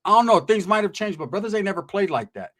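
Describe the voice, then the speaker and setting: Animated, slang-heavy man telling stories. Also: sits high, quick pace. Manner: animated, slang-heavy, acts out other people's lines. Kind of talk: casual storytelling.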